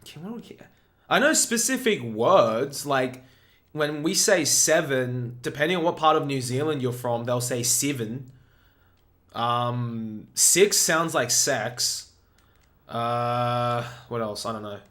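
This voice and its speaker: A man's voice: medium pitch, expressive, measured pace, a bit bright. A man chatting casually on his live stream, rambling and hesitant as he thinks aloud. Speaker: speedrunner streamer.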